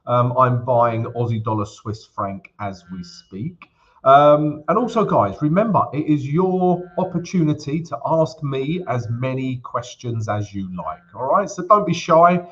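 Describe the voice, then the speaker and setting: A man hosts a live trading stream in a relaxed, jokey way, greeting viewers by name as he talks through his charts. His voice sits at an ordinary middle pitch. The audio is a little dull and lo-fi. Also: a little slow. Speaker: forex trading livestream host. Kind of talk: casual livestream chat.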